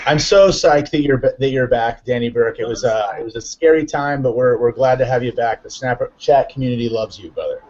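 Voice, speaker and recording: A man hosting a live online chat show, excitable and upbeat, rambling with lots of fillers. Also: medium pitch, fairly quick, hardly any pauses, highs cut off. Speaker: host.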